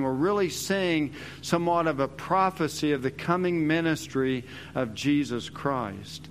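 A man's voice: a little high, slight background noise. A male pastor delivering an expository sermon, emphatic and repeating his key phrases.

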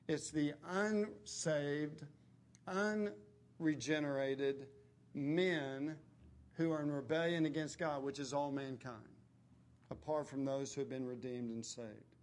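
A male preacher delivering a sermon at a slow, deliberate pace. His voice sits a little high, and he drops it low and quiet on the words he stresses. He clears his throat often between phrases. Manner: emphatic, dropping low and quiet on key words.

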